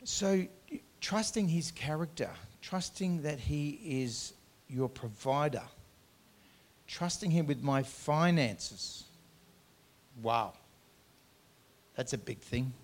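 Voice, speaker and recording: A male pastor delivers an earnest sermon, shifting between loud, emphatic lines and quiet, conversational asides while stretching out key words. His voice sits slightly high, with lively intonation and a slow pace.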